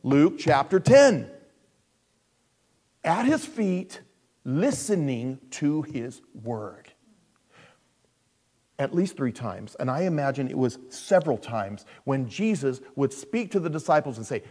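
A man preaching a sermon. He is animated, swings from loud emphasis to hushed asides, and acts out the people he quotes. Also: medium pitch, takes it slowly, long pauses. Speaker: pastor.

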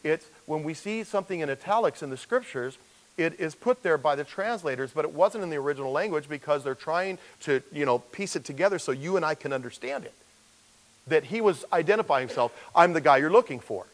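Man preaching in a slightly high voice. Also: expressive, a little fast, rough recording. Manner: conversational, acts out quoted voices. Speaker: pastor. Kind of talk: verse-by-verse sermon.

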